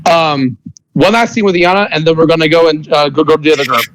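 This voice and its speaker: A man narrating as game master of a tabletop game, talking in a halting way with many restarts. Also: a little high, fairly bright tone, a little hiss or hum, low-quality recording.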